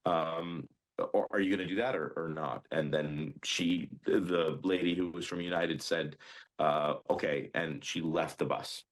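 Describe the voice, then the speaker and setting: A man telling what happened in an interview, hesitant, with many pauses and ums. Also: low voice, steady tone. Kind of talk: recounting an incident in an interview.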